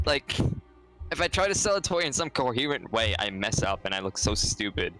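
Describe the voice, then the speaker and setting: Rambling young man with a bright voice. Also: mid-range voice, fast. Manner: rambling, deadpan, self-mocking. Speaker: co-op gaming guest. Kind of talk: casual rambling game-stream chat.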